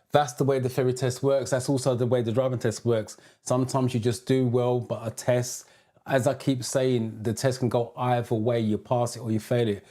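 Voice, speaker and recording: A man's voice: mid-range voice, steady tone, normal speed, dark tone. A British man who teaches driving theory, hosting a live stream: he greets viewers by name, reads out their comments and gives advice.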